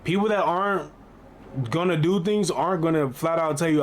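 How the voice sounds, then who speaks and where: A man's voice: fairly high pitch, normal speed, a little hiss or hum. A man hosting a reaction video, talking casually and asking one disbelieving question after another. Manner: incredulous, asks questions over and over.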